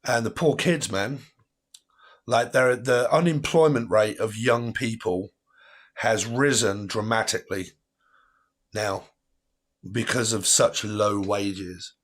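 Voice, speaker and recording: A man who hosts a tarot livestream and chats casually with viewers, rambling and laughing often. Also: on the low side. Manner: rambling, chatty, quick to laugh. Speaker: tarot reader hosting a livestream.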